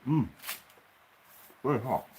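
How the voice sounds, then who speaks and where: A man's voice: mid-range voice, expressive, slow, darkish tone, slight background noise. A man hosting a casual livestream from his workshop. He chats, reads out viewer comments and grumbles. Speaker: host.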